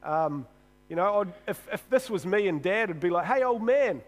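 High-voiced man preaching casually. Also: moderate pace, rough recording. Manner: casual and joking, often restarts and repeats words. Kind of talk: sermon. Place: church.

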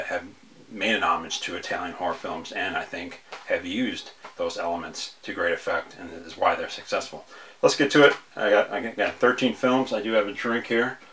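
A man with a very low voice talks through his film picks in a loose, casual way. He rambles, restarts sentences and fills pauses with ums as he goes. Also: sharp tone. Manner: rambling, hesitant, many fillers and restarts. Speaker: horror film reviewer. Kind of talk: casual video review.

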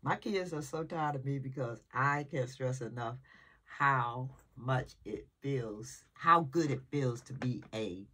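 Rambling older woman, slow and husky. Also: rumbling low, pushed and bright. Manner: chatty, jumps between topics, emotional. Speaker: vlogger. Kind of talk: casual rambling chat. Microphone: camera nearby.

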